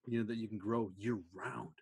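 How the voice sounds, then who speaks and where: A man interviewing a guest in a casual chat, eager and quick to agree. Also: on the low side, fairly even intonation, gravelly, darkish tone, breathy edge, no echo. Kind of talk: casual conversation.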